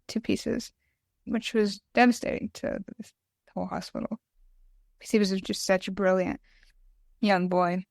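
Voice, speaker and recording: Woman, podcast guest, smooth clear voice, flat delivery, emotional and halting, dry close recording. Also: medium pitch, no echo. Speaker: podcast guest, mental health advocate. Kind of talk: reading her own poem aloud, then conversational interview.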